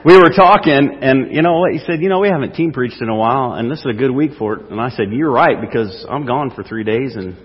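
A man's voice: medium pitch, animated, breathy edge. A man co-preaching a sermon, bantering playfully and teasing his partner. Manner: playful, teasing, quick to laugh. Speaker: pastor. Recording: dull lo-fi sound with long church reverb.

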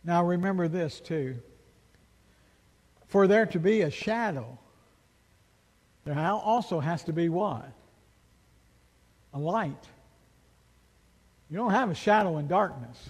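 A man's voice: on the high side, expressive, slow, pauses often. A man preaching a sermon as pastor, emphatic and full of rhetorical questions, in a church sanctuary. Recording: long reverb of a large hall.

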